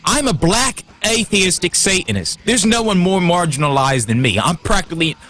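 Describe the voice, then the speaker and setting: Animated, profane man ranting. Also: high voice, moderate pace, soft background music. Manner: heated and profane, restarts and stumbles when worked up. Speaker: livestream host. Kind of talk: casual livestream rant.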